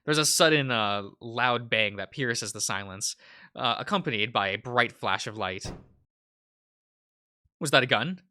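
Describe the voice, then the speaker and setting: A man's voice: medium pitch, animated, measured pace, pauses often, bright, forceful tone. A man hosting a let's play, reading a visual novel aloud in a casual way with fillers.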